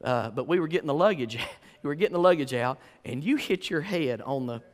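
A man's voice: on the high side, expressive, a little fast. A man preaching a sermon, telling a story with folksy asides and repeated rhetorical questions. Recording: echoey hall.

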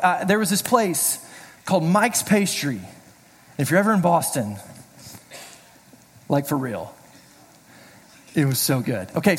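A middle-aged pastor giving a casual, joking sermon, telling personal stories in a chatty way. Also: male voice, a little high. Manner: chatty, storytelling, self-deprecating jokes. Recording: reverberant hall.

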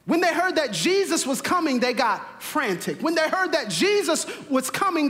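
Male pastor, high and forceful, preaching with driving repetition, long reverb in the room. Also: big pitch swings, normal speed, few pauses. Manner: preaching with rising, emphatic repetition. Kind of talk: sermon. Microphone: camera mic, livestream to viewers.

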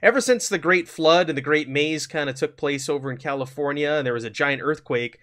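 An upbeat man runs a tabletop role-playing game as its game master. His voice sits a little higher than most men's, and he moves easily between welcoming players and explaining the setting and rules. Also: a bit bright. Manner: upbeat, quick to laugh, explains rules on the fly. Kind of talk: hosting a tabletop game session.

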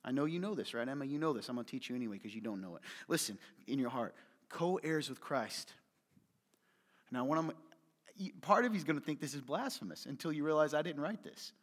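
A man preaching a sermon to his congregation, animated and joking, often asking the room questions. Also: mid-range voice, a little fast, long reverb tail. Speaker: pastor. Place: church hall with an audience.

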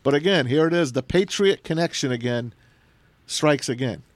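A man hosting a casual sports talk show, chatting with animated, teasing banter. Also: a little high, normal speed, no echo.

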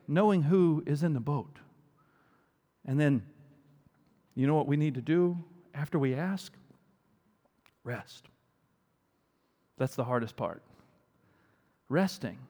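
High-voiced preacher in an echoing hall. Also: male voice. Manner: animated storytelling with rhetorical questions. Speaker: pastor. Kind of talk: sermon.

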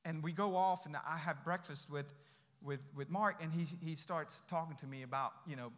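A man's voice: fairly high pitch, normal speed, a bit bright. A middle-aged man giving a guest sermon in a church, telling a personal story in a conversational way and acting out the dialogue. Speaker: guest speaker. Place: church sanctuary. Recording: long hall reverb.

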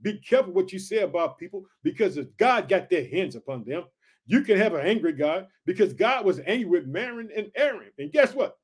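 A man with a high, swooping voice preaches on a Bible passage. He is fervent and lively, with pitch leaping up and down as he keeps checking that his listeners are following along. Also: fairly quick, slightly rough. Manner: fervent, keeps asking "did you hear?" and "check it out"; addresses listeners as family. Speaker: Bible teacher. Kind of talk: animated Bible teaching.

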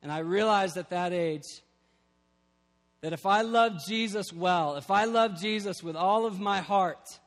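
A man's voice: sits high, measured pace, a bit bright. A young man preaching a sermon, earnest and building to emphatic peaks. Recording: long hall reverb.

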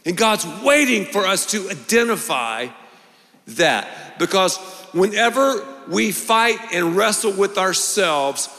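A pastor preaching a sermon with animated, emphatic delivery and lots of repetition. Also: male voice, high-pitched, long reverb tail.

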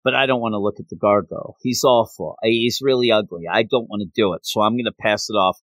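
A man voicing a cowardly Soviet officer who talks in a rushed, flustered way. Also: lowish voice, steady tone, a bit bright, dry recording, close to an everyday voice.

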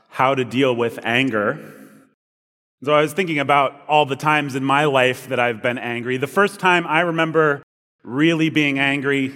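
A man preaching as a pastor, telling a funny personal story in a relaxed, self-deprecating way. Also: mid-range voice. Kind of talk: sermon with a humorous personal story. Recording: long reverb of a large room.

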